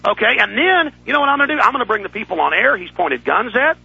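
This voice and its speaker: Furious gravelly-voiced male radio host. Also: high-pitched, lively intonation, quick pace, hardly any pauses, muffled recording. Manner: angry, shouting, repetitive. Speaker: radio talk show host. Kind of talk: heated talk radio rant.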